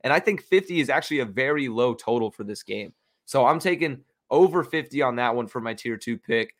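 A young man at a middle pitch talks through his football betting picks as a solo podcast host. He sounds casual and confident and pokes fun at himself. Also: animated, a little fast. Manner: chatty, confident, self-mocking.

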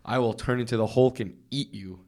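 A man's voice: mid-range voice, brisk, darkish tone. A man in casual podcast banter, joking bluntly and crudely. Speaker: podcast co-host.

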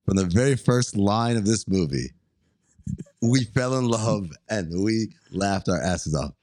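A man co-hosting a podcast, explaining his points in an animated way, with laughs, in casual chat. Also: fairly low pitch, measured pace, dry recording, studio quality. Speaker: podcast co-host.

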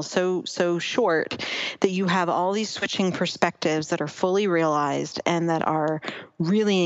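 A woman talking through a book on a podcast, thoughtful and keen as she explains. Her voice is on the low side for a woman. The sound is a bit dull and dry, as if the top end were trimmed. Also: dry recording. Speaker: podcast co-host. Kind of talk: casual book chat.

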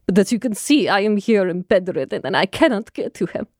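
A woman's voice: mid-range voice, animated, brisk, darkish tone, dry recording, clean studio sound. A woman voicing a melodramatic noblewoman captain who speaks in an overwrought way and rolls her R's, during a tabletop game. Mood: tearful. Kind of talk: tabletop role-play character voice.

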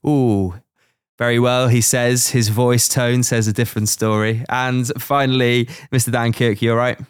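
Guy hosting a pod, smooth clear voice, dry close mic. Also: medium pitch, flat delivery, moderate pace, no room sound. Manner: upbeat and teasing. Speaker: podcast host. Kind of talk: casual podcast chat.

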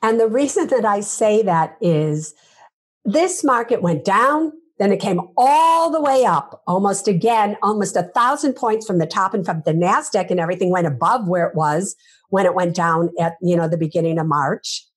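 Interviewed as a guest author, a woman answers in a soft, breathy, mid-range voice that is expressive and moves at normal speed. She speaks emphatically, driving points home with rhetorical questions and repeating herself along the way.

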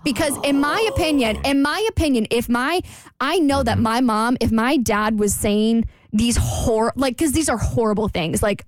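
A woman's voice: fairly high pitch, moderate pace, no echo. A young woman co-hosting a radio show, chatting casually into a studio mic with lots of "like" fillers.

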